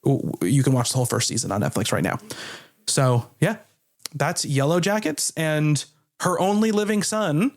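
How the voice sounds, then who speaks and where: A man's voice: a little high, expressive, normal speed. A man co-hosting a casual film podcast, talking loosely with fillers and restarts. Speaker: podcast co-host.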